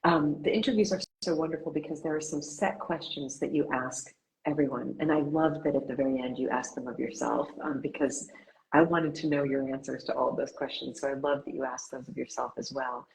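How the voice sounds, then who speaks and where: A woman with a notably low, deep voice hosts an author interview. She talks in an earnest, meandering way, circling her questions with "um" and "you know" before landing them. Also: fairly even intonation, brisk, creaky, rough recording. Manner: earnest, rambling questions with many fillers. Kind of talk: conversational interview.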